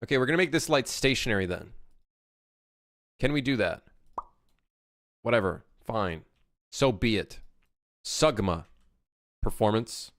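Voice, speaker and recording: A man's voice: medium pitch, lively intonation, unhurried, long pauses, fairly bright tone, no echo, clean studio sound. Exasperated, swearing young male streamer. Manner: profane, exasperated, talks to chat. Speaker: streamer and game developer. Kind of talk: casual livestream chat.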